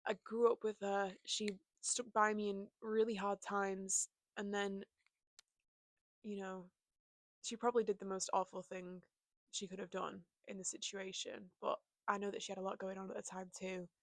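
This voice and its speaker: A woman's voice: medium pitch, level tone, moderate pace, no room sound. A young woman chatting casually and openly to camera from her bedroom, full of "like" and "you know". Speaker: vlogger. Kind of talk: casual confessional chat.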